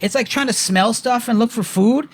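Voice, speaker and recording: A young man co-hosting a casual podcast, telling an animated story full of swearing and acted-out quotes. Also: very high-pitched, moderate pace. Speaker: podcast co-host. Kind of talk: casual chat.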